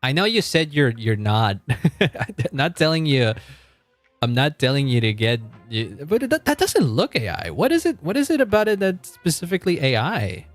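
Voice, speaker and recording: A male game streamer talking loosely to his chat, his pitch swinging up and down as he goes. He rambles, stops and restarts his thoughts, and breaks into laughter often. Faint music plays behind him. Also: wildly swooping pitch, moderate pace, no room sound. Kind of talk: casual live-stream chat.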